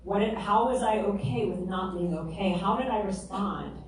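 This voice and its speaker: A woman's voice: medium pitch, moderate pace, slight background noise. Woman, testimony sermon, emotional, earnest, roomy far-off hall sound. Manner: earnest and emotional, acting out her own cries. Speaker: speaker at a mothers' group. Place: large echoey room.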